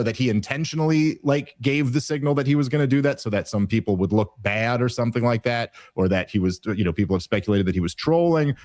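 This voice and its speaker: A man's voice: medium pitch, a little mellow, no room sound, clean studio sound. A man hosting a podcast, giving rambling, exasperated political commentary full of fillers and restarts. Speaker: podcast host.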